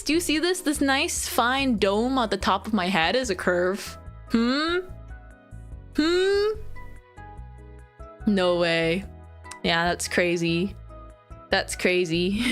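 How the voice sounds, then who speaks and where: A young woman streamer in casual chat with her viewers, giggly and animated, squealing when she quotes herself. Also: medium pitch.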